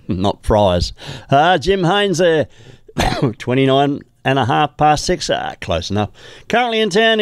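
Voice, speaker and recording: A man's voice: fairly high pitch, smooth, dry recording, studio quality. Chatty Australian radio presenter man. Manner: chatty, muttering asides while reading weather. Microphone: studio microphone.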